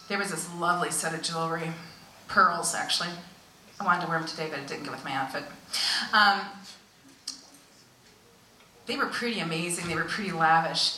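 A woman, a visiting pastor, telling a story in a sermon with animated delivery that drops to hushed tones for emphasis. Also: lowish voice, slight background noise. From United States. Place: church hall. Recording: echoey church hall, voice from far off.

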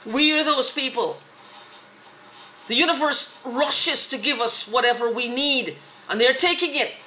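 A woman's voice: high voice, measured pace, sharp tone, reverberant, slight background noise. A woman in an angry, profane, repetitive rant, talking straight to the camera. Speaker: vlogger. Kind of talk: agitated monologue to camera.

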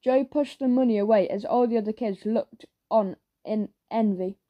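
A woman narrating a children's audiobook in a lively storytelling manner. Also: on the high side, moderate pace, dull audio. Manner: lively storytelling with character voices.

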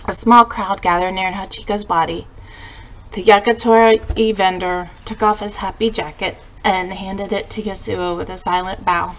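Teacher lady reading a story aloud, gentle, even mid pitch. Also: normal speed, poor audio.

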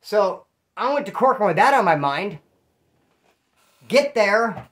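Animated, profane man telling prison stories. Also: sits high, unhurried. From California. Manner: profane, animated, acts out quoted dialogue. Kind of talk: casual storytelling.

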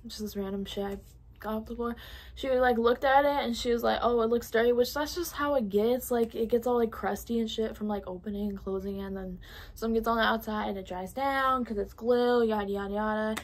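A woman's voice: a little high, steady tone, a little fast. A woman in her late teens from California telling a casual, profane storytime, full of fillers and whispered asides. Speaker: vlogger. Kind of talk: storytime vlog.

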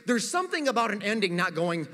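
Middle-aged male pastor, bright high voice, lively and funny, church hall reverb. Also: fast. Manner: animated storytelling with humor. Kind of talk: sermon. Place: church sanctuary.

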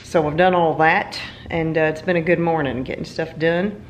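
A woman's voice: low-pitched, fairly even intonation, normal speed, slight background noise. A woman from the United States chatting casually at home in a playful, giggly vlog, sometimes slipping into a silly voice. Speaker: vlogger.

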